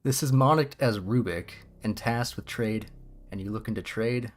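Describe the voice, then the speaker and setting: A man's voice: fairly low pitch, measured pace, fairly bright tone. A man voicing a strange cyborg trader who talks in a mangled, bizarre accent. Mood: gruff. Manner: mangled, garbled old-fashioned talk in a bizarre accent.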